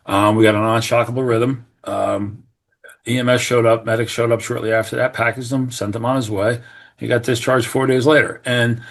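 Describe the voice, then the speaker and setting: A middle-aged man from New Jersey, a retired fire captain, telling a story as a podcast guest in an earnest, animated way, acting out what people said. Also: mid-range voice, husky. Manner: earnest, animated, acts out quoted remarks, many restarts. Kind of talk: conversational storytelling.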